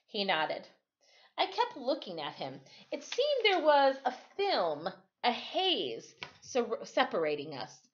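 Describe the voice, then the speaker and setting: A woman teacher reading a chapter book aloud, slow and expressive. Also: mid-range voice, lo-fi sound. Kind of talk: storybook read-aloud.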